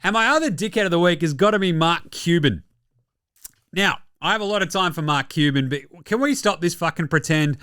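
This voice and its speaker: Australian male host, lively pitch, dry close sound, sweary comic sports chat. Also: a little fast, smooth, no room sound. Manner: profane, jokey, animated rants. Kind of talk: casual sports commentary.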